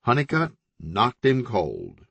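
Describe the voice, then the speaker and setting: A man reading a crime novel aloud as an audiobook narrator, expressive and voicing each character. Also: mid-range voice, takes it slowly, creaky, husky, no room sound, lo-fi sound. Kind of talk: scripted narration.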